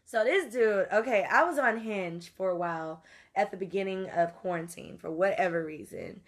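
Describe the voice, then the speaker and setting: A woman telling a story in an animated, profane way, moving between loud outbursts and low asides. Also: moderate pace. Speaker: podcast host. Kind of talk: storytelling monologue.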